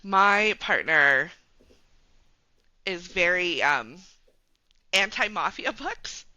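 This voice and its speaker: Bright, chatty woman podcast guest. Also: fairly low pitch, expressive, extremely slow, no echo, rough recording. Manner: chatty and laughing, many fillers. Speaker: guest, romance bookstore founder. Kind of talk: casual podcast chat.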